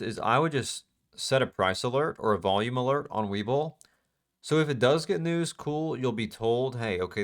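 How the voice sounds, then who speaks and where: A man teaching a live trading class in a casual, emphatic way, repeating phrases and asking the class questions. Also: lowish voice. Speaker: trading instructor.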